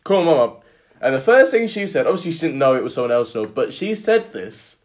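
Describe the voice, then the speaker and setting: A young man co-hosting a podcast, chatting casually and telling animated stories. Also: medium pitch. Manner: animated storyteller, quick banter. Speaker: podcast co-host. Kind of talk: casual chat.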